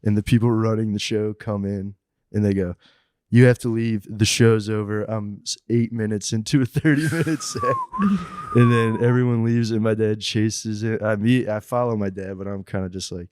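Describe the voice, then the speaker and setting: Low-voiced young man telling a story. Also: normal speed, dry recording, studio quality. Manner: animated, profane, laughing through the story. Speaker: comedian guest. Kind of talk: casual storytelling chat. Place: podcast studio. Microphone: studio mic.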